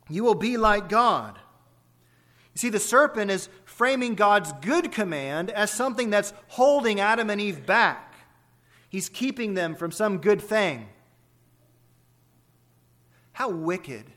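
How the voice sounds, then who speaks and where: A male preacher delivers an expository sermon in a fairly high voice. His tone is bright and forceful. He drives his points home with emphasis and keeps putting rhetorical questions to his listeners.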